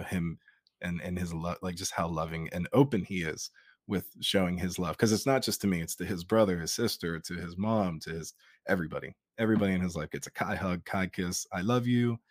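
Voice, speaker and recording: Man, very low voice, earnest and emotional, dry close sound. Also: no echo. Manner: heartfelt, earnest, swearing now and then. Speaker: guest, author. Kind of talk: emotional interview talk.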